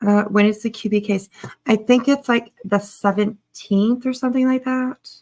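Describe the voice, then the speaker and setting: A woman's voice: fairly high pitch, fairly even intonation, normal speed, darkish tone. A woman doing casual live commentary on a clip, sarcastic and chatty, greeting her viewers. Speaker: commentary streamer.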